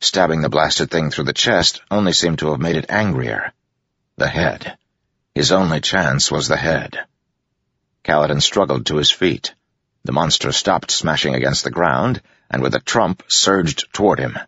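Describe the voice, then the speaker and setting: A man's voice: a bass voice, unhurried, pushed and bright, husky, no echo, muffled recording. A man giving a tense, dramatic audiobook narration of a fantasy action scene.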